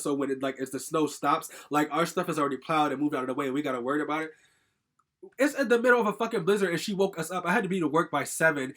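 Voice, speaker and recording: A man's voice: a little high, fairly bright tone. A young man telling a personal story in a casual, rambling vlog monologue, full of "like" fillers and swearing, agitated and venting. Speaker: storytime vlogger.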